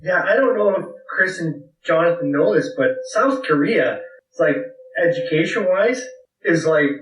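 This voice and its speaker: Drunk, swearing podcast co-host, a man with a slightly high voice, recorded far off in an echoey room. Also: animated, normal speed, fairly bright tone. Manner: rambling, profane, laughs a lot. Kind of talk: casual chat.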